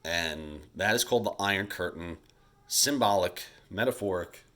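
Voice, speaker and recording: A male teacher giving a casual recorded history lecture over slides, chatty and loose, talking straight to his students and acting out leaders in quick bits. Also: sits low, fairly bright tone. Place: home, recording alone during school shutdown.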